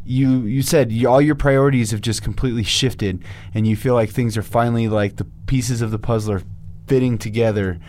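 A laid-back podcast guest, a man with a middle-pitched voice who chats in an easy, agreeable way and says "dude" often. Faint noise runs under the recording. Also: fairly even intonation, a little fast, darkish tone. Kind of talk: casual podcast chat.

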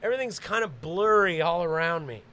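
A man hosting a podcast, telling a crude story and shouting when he acts out scenes. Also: on the high side, fairly quick. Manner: animated, shouts when reenacting. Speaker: podcast host.

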